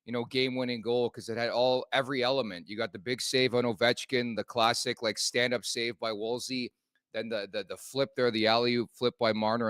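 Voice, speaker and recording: A man co-hosting a hockey podcast, recapping the game in an analytical, measured way with "uh" fillers. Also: fairly low pitch, fairly bright tone, dry recording. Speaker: co-host.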